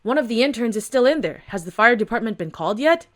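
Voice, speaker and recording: A woman's voice: animated, fast talker, lightly acted. A woman reading a webtoon aloud, voicing a panicked woman pleading for help at a fire. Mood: frantic. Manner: frantic, pleading, high-pitched.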